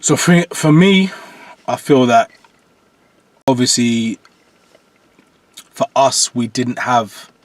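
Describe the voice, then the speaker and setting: Slow and full of long pauses, a medium-pitched man speaks on a dry recording. A jungle MC in his forties, he's a podcast interview guest who tells stories with energy and keeps asking "do you understand" to be sure he's followed.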